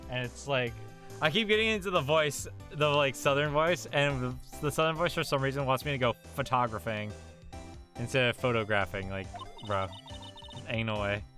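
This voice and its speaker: A male streamer chatting casually over his game, amused at himself and slangy. His voice is bright and forceful, with lively pitch and faint music behind. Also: brisk. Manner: amused, self-mocking, slangy.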